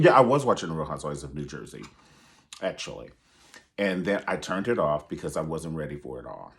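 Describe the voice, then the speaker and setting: A man giving sassy, profane pop-culture commentary and calling his listeners honey. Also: low-pitched. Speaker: online show host.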